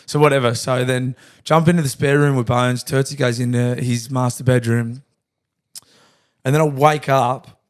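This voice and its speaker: A man's voice: medium pitch, steady tone, moderate pace, clean tone. A young Australian man telling a long story on a podcast, swearing freely and acting out the voices of the people in it. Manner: laddish, swears a lot, acts out quoted lines. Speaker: podcast co-host. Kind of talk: casual storytelling chat.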